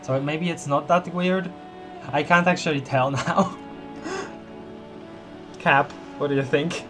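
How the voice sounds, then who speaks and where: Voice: mid-range voice, takes it slowly, music in the background. Chatty streamer playing a detective game. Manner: chatty, laughs often, reads game text aloud. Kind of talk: casual let's-play commentary.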